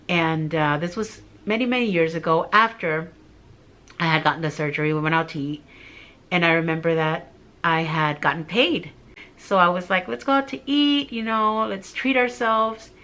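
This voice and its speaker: A woman's voice: lowish voice, a bit bright. Tearful woman telling a personal story. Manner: heartfelt, emotional, rambling with fillers. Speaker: vlogger.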